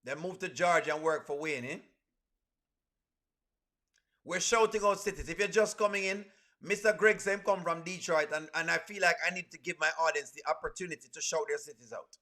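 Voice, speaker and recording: Bright high-voiced male streamer. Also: brisk. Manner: reads viewer comments aloud, shouting out cities; chatty, addresses viewers as friends. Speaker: live stream host. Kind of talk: casual live stream chat.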